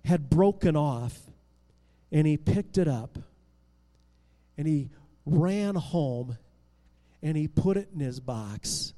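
A male storyteller with a high voice recounts a Bible story with lively drama, stumbling into restarts and rising and falling in loudness. His voice carries a long reverb. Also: slow, pauses often. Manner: expressive, with restarts and swings in loudness.

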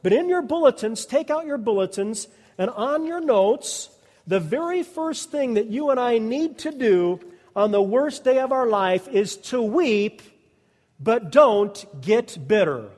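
A man's voice: very high-pitched, expressive, a little slow, a little mellow. A male pastor preaching a sermon, emphatic and repetitive, calling out to the congregation and asking them to respond. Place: church sanctuary. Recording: long reverb of a large hall.

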